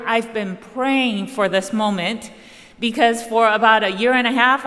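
A woman's voice: medium pitch, fairly bright tone, in a large hall. A woman giving a personal, enthusiastic welcome speech at a university event. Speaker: welcome speaker.

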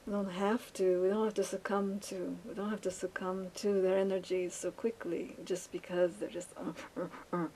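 Woman vlogger, gravelly low voice, flat delivery, halting with fillers and restarts, faint hiss behind. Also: poor audio. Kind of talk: rambling casual monologue while painting.

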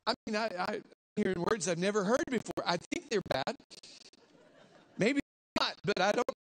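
A male preacher with a fairly high voice tells a story from the pulpit with great animation. He swings between hushed asides and sudden shouted lines as he acts out the scene. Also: expressive, moderate pace, slight background noise. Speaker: guest preacher. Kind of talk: storytelling sermon.

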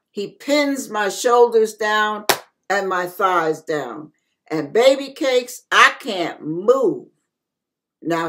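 Slow, bright-voiced woman pastor. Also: mid-range voice. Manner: storytelling, addresses listeners directly. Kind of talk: personal testimony sermon.

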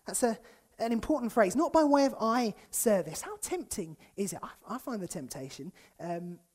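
A young man preaching a sermon in a church, in a lively, conversational way that acts out the people he quotes and chuckles often. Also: sits high, normal speed. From United Kingdom.

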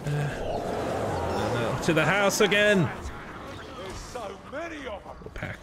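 A man giving gameplay commentary, excitable and rambling, swearing often as he plays. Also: sits high, extremely slow, noisy background. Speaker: gaming channel host.

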